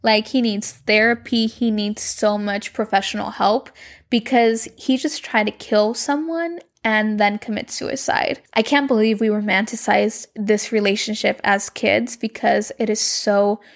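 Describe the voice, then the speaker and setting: A young woman tells a story in a loose, chatty way and fills it with "like". Her voice has a gravelly fry at the ends of her phrases and sits at a middle pitch for a woman. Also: a little slow. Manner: chatty, expressive, peppered with "like". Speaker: TV series recapper. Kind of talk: casual storytelling recap.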